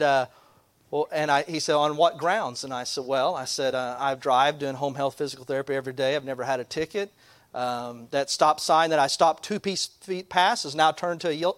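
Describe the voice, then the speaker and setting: Pastor guy telling a story, kinda high voice, dry sound, acts out everybody. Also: brisk, no room sound. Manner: animated storyteller, acts out other people. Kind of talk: storytelling sermon.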